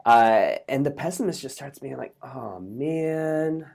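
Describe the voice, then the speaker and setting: A man's voice: medium pitch, normal speed, vocal fry, breathy edge. Upbeat storytelling man. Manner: energetic, optimistic, acts out voices in a joke. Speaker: podcast guest, author. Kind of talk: casual interview storytelling.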